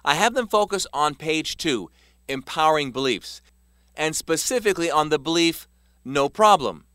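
A man reading a self-help text aloud as scripted narration, measured and emphatic. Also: a little high, expressive, bright, forceful tone, no echo, studio quality. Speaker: author narrating his self-help book.

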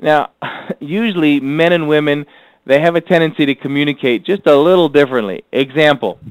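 A man's voice: a little high, clear, resonant tone, no echo, poor audio. Man teaching a workbook lesson. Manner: repeats key phrases slowly for note-taking. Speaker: course instructor.

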